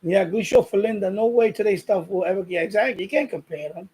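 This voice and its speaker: High-voiced man rambling on a stream. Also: quick pace, a little mellow, husky. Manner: rambling, repeats himself, reads viewer comments aloud. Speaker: live stream host. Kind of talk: casual chat with live viewers.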